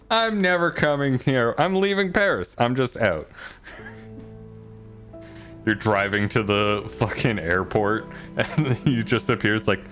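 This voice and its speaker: A man's voice: medium pitch, expressive, slow, fairly bright tone, soft background music. A man casually commenting while playing a game, joking and swearing, laughing often.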